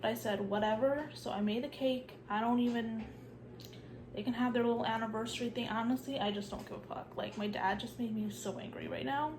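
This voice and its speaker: A woman's voice: fairly high pitch, fairly even intonation, brisk, noisy background. A young woman, sick with a cough and sore throat, chatting casually in a vlog and saying "like" a lot. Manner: chatty, says "like" a lot, drops to a hushed whisper at times. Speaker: vlogger.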